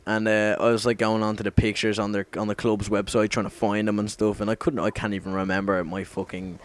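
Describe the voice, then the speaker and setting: A man's voice: on the low side, little pitch movement, a little fast. A young man telling a story casually over gameplay, rambling, swearing a lot and correcting himself as he goes. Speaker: gaming commentator.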